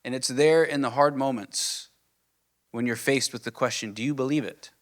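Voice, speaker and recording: A man preaching a sermon as pastor, earnest, asking the listeners questions and dropping to a soft, low voice on key points. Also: moderate pace. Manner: earnest, builds with rising questions then drops soft.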